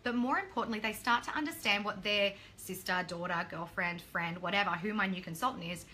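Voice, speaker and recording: A woman talks straight to her viewers as a business coach, blunt and liberal with swearing. Her voice is bright and forward. A faint hiss sits under the recording. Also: mid-range voice. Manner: blunt, swears casually, acts out quotes. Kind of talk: motivational talk to camera.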